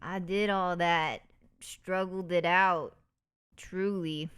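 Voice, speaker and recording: A woman's voice: on the low side, steady tone, slow, a bit bright, smooth. A woman streamer chatting casually and telling stories, often breaking into giggles.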